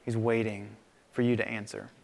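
A man pastor preaching a sermon in a conversational, animated way, in a church sanctuary. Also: fairly low pitch, normal speed, vocal fry. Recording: long reverb of a large hall.

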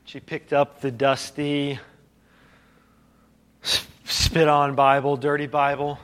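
A man preaching a sermon as a pastor, telling a story with dramatic quiet drops and rising questions, often repeating and restarting phrases. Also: mid-range voice, flat delivery, measured pace, pauses often.

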